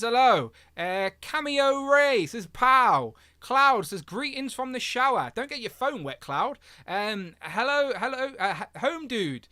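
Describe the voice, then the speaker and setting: A young Englishman hosts a casual livestream, chatting upbeat and laughing often as he reads out viewer comments. His voice is high with a sharp tone, recorded dry through a headset mic.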